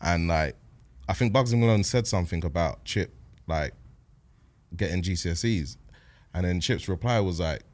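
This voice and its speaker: Podcast guest: man, 30s, very low voice, laid-back and reflective. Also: normal speed. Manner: relaxed, thoughtful, many fillers. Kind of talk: casual podcast chat.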